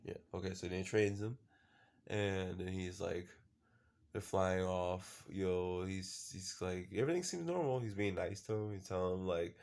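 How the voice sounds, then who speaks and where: A man's voice: low-pitched, flat delivery, measured pace, darkish tone, smooth. A man casually recapping a show episode, rambling with lots of fillers and the odd swear word. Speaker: show reviewer.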